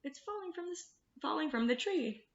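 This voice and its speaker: A woman voicing a tiny frightened baby bird in a storybook, chirping with high tweets. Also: expressive, brisk, reverberant, muffled recording. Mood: panicked.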